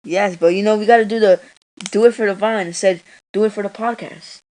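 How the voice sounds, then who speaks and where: A woman's voice: mid-range voice, steady tone, a little fast, a little mellow, poor audio. A woman hosting a casual wrestling podcast, rambling and hesitant with lots of ums. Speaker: podcast host.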